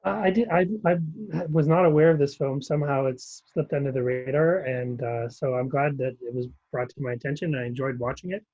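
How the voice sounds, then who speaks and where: A man's voice: mid-range voice, brisk, hardly any pauses, a little mellow, dry recording. Male podcast co-host, casual rambling film talk, dry slightly muffled home recording. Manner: rambling, many ums and restarts. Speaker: podcast co-host reviewing films. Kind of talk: casual chat.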